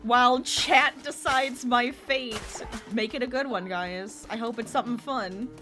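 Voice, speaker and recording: A woman streaming a video game, chatting excitedly and reacting aloud to her viewers. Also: on the high side, unhurried, music in the background. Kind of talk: casual gameplay commentary.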